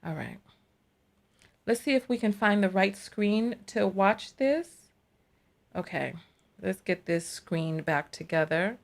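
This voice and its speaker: A woman runs a live reaction stream, chatting to her viewers as y'all as she sets things up and comments. Her voice sits at a middle pitch. She voices her disbelief freely. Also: lively intonation, slow pace, gravelly, pauses often.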